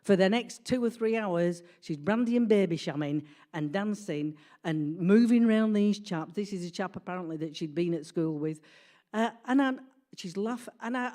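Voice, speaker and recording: A woman, telling a comic family story in a lively, animated way. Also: fairly low pitch, moderate pace. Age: 60s. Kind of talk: personal storytelling.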